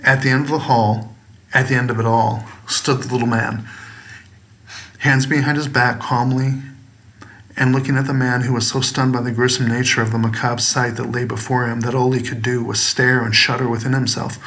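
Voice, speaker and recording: A man narrating a gothic horror story he wrote, in a measured, dramatic storytelling manner. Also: medium pitch, level tone, fairly bright tone. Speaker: author and narrator.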